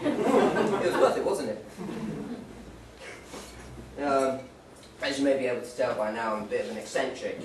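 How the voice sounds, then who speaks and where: This young man's voice is medium-pitched, and he speaks at a normal speed but pauses often. He's doing a rambling, joke-filled stand-up set on a pub stage, sometimes putting on playful voices, recorded distantly in the echoey pub with a bit of hiss or hum.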